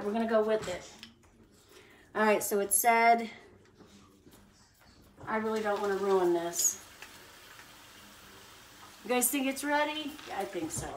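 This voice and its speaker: A woman's voice: medium pitch, far from the mic. A woman hosting a casual cooking livestream from her home kitchen, chatting straight to her viewers as she cooks. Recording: noisy home recording with clicks.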